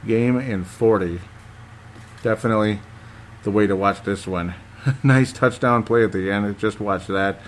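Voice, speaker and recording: A man's voice: fairly low pitch, a little slow, long pauses, a little hiss or hum. A man hosting a casual sports podcast, reading listener comments aloud and reacting in a rambling way. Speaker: podcast host.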